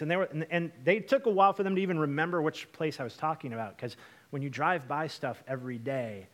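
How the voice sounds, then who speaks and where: Young pastor guy telling a story in a sermon, slightly high voice, lots of likes and ums, talks right to the crowd. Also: fast. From Washington state, USA. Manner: chatty, lively, many fillers and asides to the congregation.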